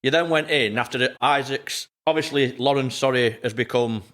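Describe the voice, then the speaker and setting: Matey podcast host asking questions. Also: male voice, mid-range voice, moderate pace, fairly bright tone. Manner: friendly, matey prompting questions. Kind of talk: casual interview.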